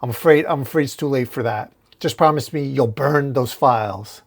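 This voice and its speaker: A man voicing a worried older male police commissioner who speaks in a halting, anxious way. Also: mid-range voice, creaky. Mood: pleading.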